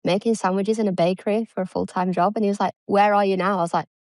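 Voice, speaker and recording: A woman's voice: medium pitch, steady tone, quick pace, darkish tone, no echo. A woman in her thirties from England, a former cricketer chatting as an interview guest, self-deprecating and acting out the dialogue she quotes. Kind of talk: casual interview chat.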